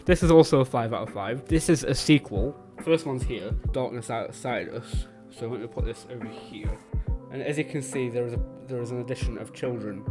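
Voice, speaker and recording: A British man talking through his monthly reads in an easygoing, rambling way. He trips over longer words, backtracks, and corrects himself mid-sentence. Faint music plays softly behind his voice. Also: mid-range voice, moderate pace. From Britain. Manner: chatty, self-correcting, stumbles over words and laughs at himself. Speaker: book vlogger. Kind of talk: casual book review chat.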